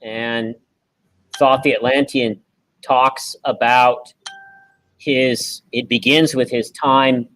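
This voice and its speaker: A man co-hosting a casual online chat, explaining in a relaxed, halting way with many fillers. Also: mid-range voice, poor audio. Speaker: co-host.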